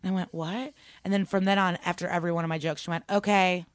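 A woman's voice: lowish voice, racing, dry recording, studio quality. A woman stand-up comedian telling stories in casual chat, acting out the voices of people she quotes. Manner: animated storytelling, acts out quotes.

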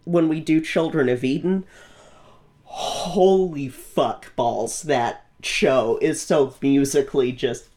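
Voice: mid-range voice, slow pace, darkish tone. Podcast host, casual chat, enthusiastic, laughs often, swears.

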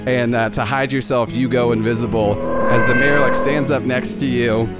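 A man's voice: mid-range voice, fairly even intonation, normal speed, loud music behind the voice. A man narrating as game master, rambling and often breaking into giggles.

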